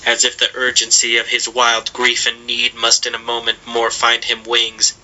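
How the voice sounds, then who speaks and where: A man reading literary fiction aloud with measured, dramatic storytelling. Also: medium pitch, monotone, sharp tone, rough recording. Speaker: audiobook reader.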